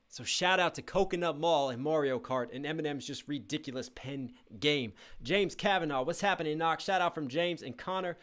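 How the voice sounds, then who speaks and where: A young man hosting a live music reaction stream, reading chat aloud, breaking into shouts and explaining rhyme schemes. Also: a little high, normal speed, few pauses.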